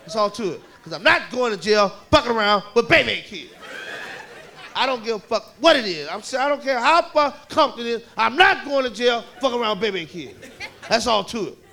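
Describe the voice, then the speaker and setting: High-voiced man doing profane stand-up. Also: a little fast, vocal fry. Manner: profane, animated storytelling with shouted kid voices. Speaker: stand-up comedian. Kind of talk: stand-up comedy storytelling. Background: audience laughter.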